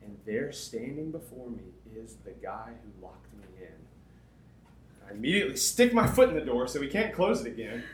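A man preaching to a camp crowd, telling a comic story with dramatic pauses, laughs and sudden shouts. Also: medium pitch, very animated. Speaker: camp speaker. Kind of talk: storytelling sermon. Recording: echoey room, faint background noise.

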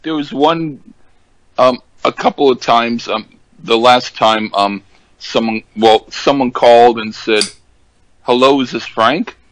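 An older man in casual conversation, talking haltingly with many ums and restarts. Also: mid-range voice, fairly even intonation, low-quality recording. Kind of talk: casual chat.

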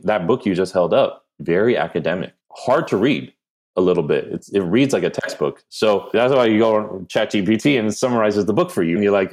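A man with a New Jersey accent, a podcast guest giving animated, self-deprecating answers in casual conversation. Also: deep voice. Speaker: podcast guest, brand strategist.

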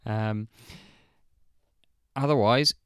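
A male podcast co-host with a lowish, smooth, clear voice. He talks in an easygoing, rambling way, with plenty of ums, and the sound is dry and close. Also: drawn-out words, no echo. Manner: relaxed, rambling sign-off with fillers. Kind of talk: casual chat.

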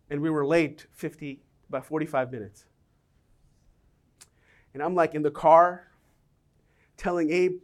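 A middle-aged man preaching a sermon, telling personal stories with lively, animated delivery and voicing the people in them. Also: fairly high pitch. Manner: animated storytelling, acts out quoted voices.

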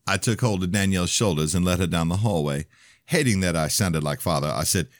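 A man's voice: deep voice, fairly quick, dry recording, studio quality. A man narrating his own novel in the first person, in a plain storytelling manner.

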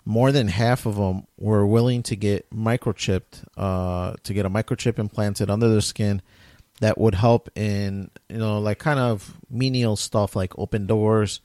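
Guy on a podcast, low voice, dry close sound, rambling storyteller w fillers. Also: steady tone, a little slow, warm tone, no room sound. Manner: retells stories with lots of quoting, many fillers. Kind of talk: casual chat.

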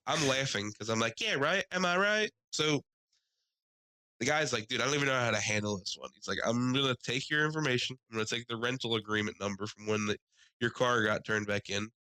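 A man telling a story in casual podcast chat, animated, acting out the people he quotes. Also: fast talker, dry recording, poor audio. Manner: animated, acts out quoted people in higher voices. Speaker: podcast co-host.

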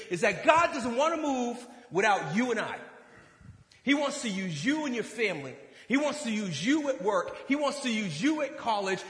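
A man preaching a sermon, telling a personal story and acting out the dialogue with lively energy. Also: sits high, echoey room, in a large hall. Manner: animated storytelling, acts out dialogue. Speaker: pastor.

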